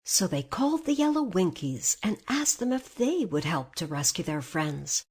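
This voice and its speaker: A woman narrating a storybook aloud in an expressive read-aloud manner. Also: lowish voice, normal speed, breathy edge.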